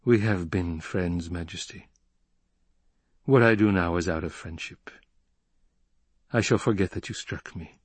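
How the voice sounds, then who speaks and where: A man voicing a male count who speaks slowly and with deliberate flatness, low and husky. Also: no room sound. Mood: cold. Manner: slow, deliberately flat delivery.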